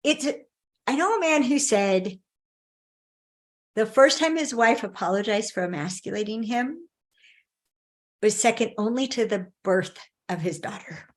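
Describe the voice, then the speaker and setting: Woman teacher, fairly high voice, animated storyteller who laughs mid-sentence and restarts often. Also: measured pace, pauses often. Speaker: relationship teacher. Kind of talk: storytelling talk to a class.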